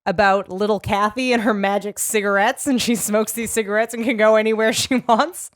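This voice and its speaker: A woman co-hosting a podcast, telling stories in a lively, laughing way. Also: medium pitch, a little fast. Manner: animated storytelling, laughing. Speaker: podcast co-host. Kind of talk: casual chat.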